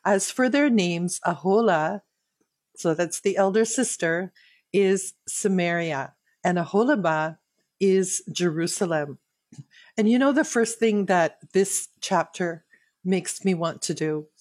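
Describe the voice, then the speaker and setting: A woman's voice: lowish voice, darkish tone, no echo. A woman reading a Bible chapter aloud and explaining it verse by verse in an earnest, devotional way. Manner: slow, earnest, personal devotional tone. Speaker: Bible teacher.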